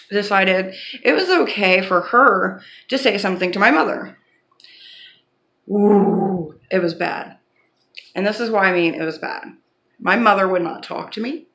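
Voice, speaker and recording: A woman's voice: mid-range voice, pushed and bright. A woman vlogging, telling a personal story to camera in a casual, blunt and candid way, swearing now and then.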